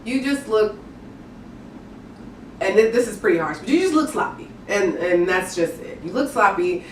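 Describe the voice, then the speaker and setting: A woman's voice: mid-range voice, animated, moderate pace, a little hiss or hum. A young adult woman giving image tips to camera in an upbeat, candid, chatty way. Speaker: image consultant. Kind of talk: direct-to-camera tips video. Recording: echoey room, voice from a distance.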